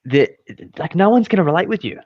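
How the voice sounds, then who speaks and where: A man's voice: sits high, animated, fast, darkish tone, no room sound. A man, co-hosting a podcast in a casual, blunt, storytelling way. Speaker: podcast co-host, financial adviser. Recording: dull, dry sound.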